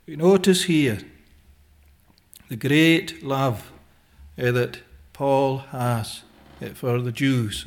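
A man preaching a sermon in a slow, deliberate way, pausing often with "eh" and quoting old scriptural phrasing. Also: mid-range voice.

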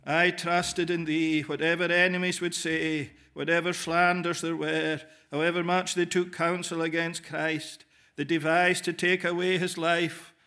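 Man, preacher, sermon, gravelly fry, slightly high voice, measured phrasing, pauses, addresses listeners directly. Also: flat delivery, bright, forceful tone.

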